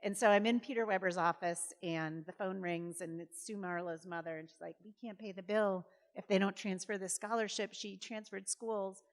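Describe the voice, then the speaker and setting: A woman's voice: mid-range voice, normal speed, hardly any pauses. Chatty middle-aged woman in a hall. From Massachusetts. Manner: chatty, animated, acts out quoted voices, frequent fillers. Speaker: guest speaker, former governor. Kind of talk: conversational storytelling on stage. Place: college event hall. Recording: reverberant hall.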